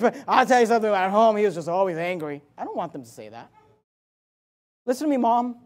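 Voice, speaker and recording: A man's voice: sits high, sing-song, quick pace. A man, a pastor, preaching a sermon with emphatic repetitions and joking asides.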